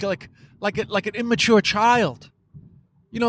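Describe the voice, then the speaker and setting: A man's voice: sits high, steady tone, unhurried, fairly bright tone. A man hosting a podcast, talking in a casual, frustrated monologue, swearing often and filling his speech with "like" and "you know.". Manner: frustrated, profane, many fillers.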